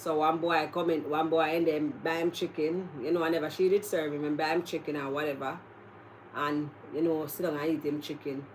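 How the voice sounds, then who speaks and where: Animated Jamaican woman telling stories. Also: low voice, a little fast, a little hiss or hum. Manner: animated storyteller, laughs often. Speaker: host. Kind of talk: casual chat, storytelling.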